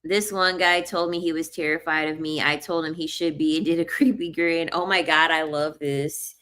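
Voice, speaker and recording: A young woman, telling stories in a casual, animated vlog monologue, repeating herself and laughing often. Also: low-pitched, brisk. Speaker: vlogger.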